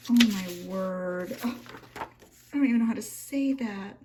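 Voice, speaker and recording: Slight background noise sits under a young woman's medium-pitched voice as she slowly flips through a handmade journal in a room at home. A journaling vlogger, she's gushing, emotional and soft-spoken in this casual flip-through vlog.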